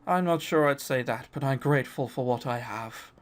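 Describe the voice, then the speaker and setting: Man reading a quiet, weak young woman. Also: medium pitch, moderate pace, noisy background, voice pushed down, close to an everyday voice. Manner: quiet, soft.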